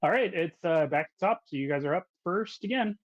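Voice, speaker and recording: Casual game master, muffled dry sound. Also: male voice, sits high, lively intonation, no echo. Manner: casual, halting, many fillers. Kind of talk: narrating a tabletop game. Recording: dull, dry audio.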